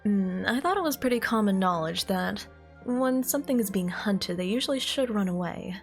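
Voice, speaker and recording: A woman streamer doing her impression of a cool, teasing female duelist huntress, in a low, sultry, mock-menacing voice. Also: lively intonation, moderate pace, faint music behind, close to an everyday voice. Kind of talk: impression of a game character on stream.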